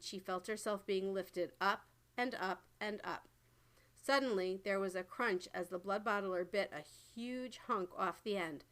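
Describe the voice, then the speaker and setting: A woman narrating a children's story aloud in an expressive, dramatic storytelling manner. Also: medium pitch.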